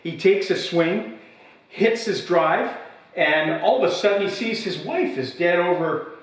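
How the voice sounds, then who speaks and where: A comedian telling a long joke in a halting, stop-start way, often repeating his words. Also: high-pitched, lively intonation, recorded from a distance. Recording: echoey room, voice from afar.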